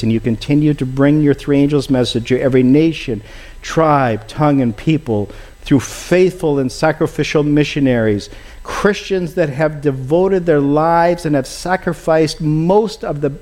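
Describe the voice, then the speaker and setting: A man's voice: a little high, darkish tone. Earnest man preaching a sermon. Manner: earnest, pleading, keeps addressing listeners as friends. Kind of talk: sermon with closing prayer.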